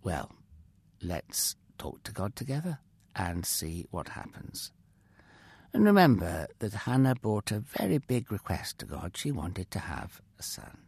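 A man narrating a Bible story for children in an expressive, gentle way, speaking directly to young listeners. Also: on the low side, unhurried, vocal fry, husky, no echo.

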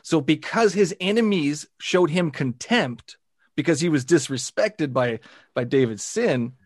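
A man's voice: mid-range voice, no room sound. A man speaking bluntly in a casual discussion, challenging the other side as a skeptical guest.

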